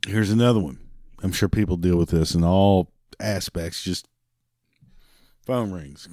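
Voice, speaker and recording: A man's voice: deep voice, measured pace, warm tone, dry recording, clean studio sound. A man who works a parts counter, ranting profanely about customer service calls and mimicking the callers. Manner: drinks beer while talking. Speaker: parts department worker. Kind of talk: ranting monologue.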